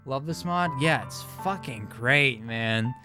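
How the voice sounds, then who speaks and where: Laid-back joking gaming streamer. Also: male voice, mid-range voice, lively intonation, slow pace. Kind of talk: casual let's-play commentary. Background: background music.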